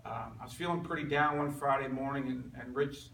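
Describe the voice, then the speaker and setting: A man's voice: mid-range voice, fairly even intonation, brisk, fairly bright tone, a little hiss or hum. A man giving an earnest personal testimony to a men's group, telling his story in a conversational way. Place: meeting room with a group listening. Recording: echoey room recorded from far off.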